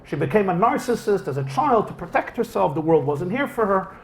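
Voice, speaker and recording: A male rabbi giving a storytelling lecture to a class, and his voice rises and falls a great deal as he acts out the dialogue. His voice sits somewhat high for a man. Faint background noise runs under the talk. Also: brisk. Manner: animated, acts out quoted dialogue. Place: lecture hall with a live audience.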